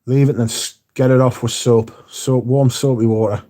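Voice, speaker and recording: A man's voice: medium pitch, fairly even intonation, moderate pace, warm tone. A man hosting a casual livestream, reading viewer comments aloud and answering them, swearing casually. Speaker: livestream host reading chat.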